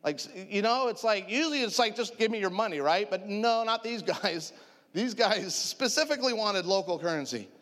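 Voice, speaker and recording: A man in his forties preaching through a humorous personal story, animated and self-mocking, laughing often. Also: sits high, normal speed, long reverb tail. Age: 40s. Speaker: preacher sharing testimony.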